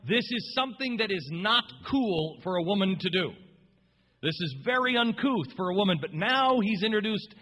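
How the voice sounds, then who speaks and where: Radio host guy, fired up, rambling story, bright sharp voice, long reverb tail. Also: high-pitched, expressive, moderate pace. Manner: impassioned, rambling, emphatic.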